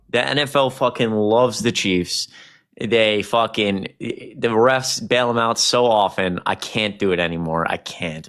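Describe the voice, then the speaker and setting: A young man hosting a casual livestream, talking to chat in a rambling, animated way with plenty of swearing. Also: lowish voice. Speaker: streamer.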